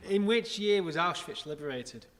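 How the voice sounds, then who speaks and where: A man in his thirties hosting a casual livestream quiz, brisk, chatty and joking, recorded in a church building. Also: sits high, lively intonation, a bit bright. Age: 30s. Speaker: quiz host. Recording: long reverb with faint noise.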